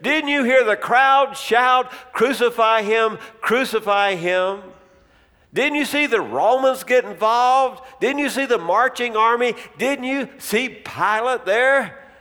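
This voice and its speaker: A man's voice: fairly high pitch, animated, normal speed, few pauses, natural voice. A man preacher voicing Cleopas, an incredulous ancient male traveler, with raised, emphatic questions. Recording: long reverb of a large hall.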